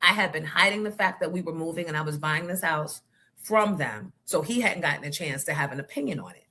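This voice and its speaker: Lively, bright-voiced woman radio host. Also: low voice, brisk. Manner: animated, profane and blunt. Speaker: radio morning show host. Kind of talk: casual storytelling chat.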